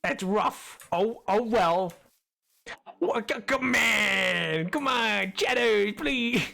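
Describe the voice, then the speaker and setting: A man's voice: sits high, expressive, extremely slow, creaky, pushed and bright. A man streaming a game, chatting casually in a rambling, stammering, self-deprecating way into a desk microphone, with faint music behind. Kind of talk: casual gameplay commentary.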